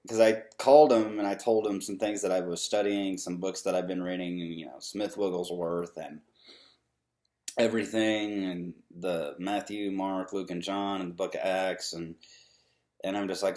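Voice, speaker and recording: A man's voice: sits low, normal speed, darkish tone. A man vlogging a casual, earnest rant to camera, rambling with many ums and restarts, frustrated but upbeat.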